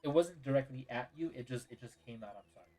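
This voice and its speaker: Sleepy guy streaming a game, chatting with chat, keeps saying sorry, mid-pitch voice. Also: fast, dark tone, rough recording. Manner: chatty, answers viewers, apologizes often. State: tired and yawning. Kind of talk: casual live-stream chat.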